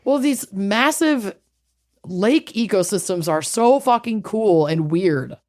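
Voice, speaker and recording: A woman's voice: mid-range voice, lively intonation, takes it slowly, darkish tone. A woman co-hosting a podcast in casual chat, swearing freely and reacting with short interjections. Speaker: podcast co-host.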